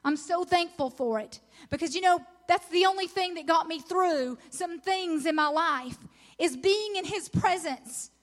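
A middle-aged woman preaching at a women's conference, earnest and encouraging, swelling into excited emphasis when she reads scripture. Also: very high voice, a little slow. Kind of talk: sermon.

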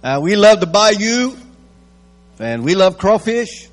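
A Cajun man preaching as a guest, his voice riding high and swinging lively. He spins folksy stories and laughs along with them. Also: takes it slowly. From Houma, Louisiana. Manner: folksy storyteller, chuckles at his own jokes. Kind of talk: sermon with folksy joke-telling.

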